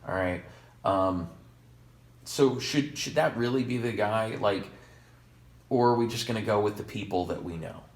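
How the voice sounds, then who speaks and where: A man's voice: fairly low pitch, a little slow, pauses often. A man co-hosting a podcast in casual chat, rambling and sarcastic with jokey asides. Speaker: podcast co-host. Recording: echoey room.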